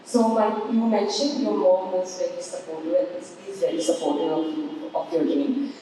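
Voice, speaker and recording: A woman's voice: lowish voice, moderate pace, background noise. A woman from the audience, politely asking a question in careful phrasing. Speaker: audience member. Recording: distant mic, echoey hall, faint ambience.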